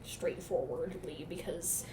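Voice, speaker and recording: A woman's voice: low voice, mellow. Woman podcast co-host, sarcastic, profane, casual chat, echoey room, faint noise. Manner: sarcastic, profane, acts out characters in quick asides. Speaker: podcast co-host recapping a book.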